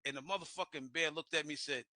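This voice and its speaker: A man from Brooklyn, telling a rowdy story with laughs and shouted asides. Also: a little high, quick pace, a little hiss or hum. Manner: loud, laughing, acts out voices, swears freely. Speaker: guest storyteller. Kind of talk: animated storytelling.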